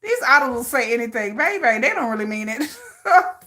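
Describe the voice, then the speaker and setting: A woman with a fairly quick, higher-pitched voice hosts a casual livestream, going on a dramatic, playful rant for her viewers. She is animated, laughs often, and reacts to their comments.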